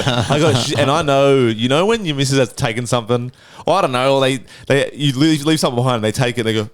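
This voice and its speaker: Talking fast at a medium pitch with no room sound, a young man from Australia hosts a podcast. He retells a story in a lively, casual way, cursing freely and acting out what people said.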